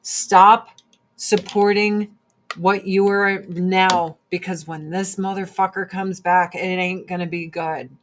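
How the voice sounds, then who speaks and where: A woman's voice: on the low side, little pitch movement, slow, a little hiss or hum. A woman chatting casually and bluntly while doing her makeup, swearing freely as she gives her opinions. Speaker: streamer.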